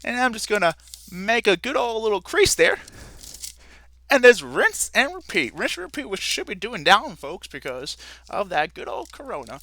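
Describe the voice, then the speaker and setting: A man's voice: high-pitched, sharp tone, no echo, full character voice. A man voicing a folksy, cheerful frontiersman guest in a math video, hammy and chatty with the listeners.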